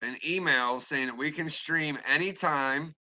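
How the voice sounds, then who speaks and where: A man's voice: a little high, measured pace, pushed and bright. A man ranting on a live stream and answering his chat, angry, rambling and swearing constantly. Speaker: livestreamer talking to chat.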